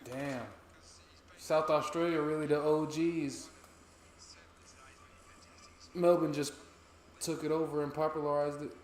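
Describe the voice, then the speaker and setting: A young American man co-hosting a footy watch-along, reacting excitedly and swearing casually as he reads chat aloud. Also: a little high, takes it slowly, long pauses. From United States. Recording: roomy echo.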